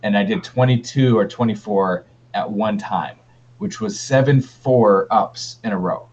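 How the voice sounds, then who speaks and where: A man's voice: on the low side, unhurried, darkish tone, slight background noise. A man co-hosting a wargaming podcast in a laid-back, rambling chat with many fillers. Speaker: podcast co-host. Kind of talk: casual chat. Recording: dull lo-fi stream audio.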